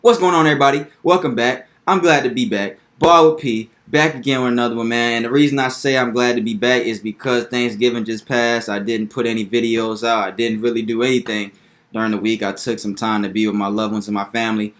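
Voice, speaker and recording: A young man hosting a casual sports commentary video, animated and hyped, repeating points for emphasis. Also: medium pitch, fairly quick.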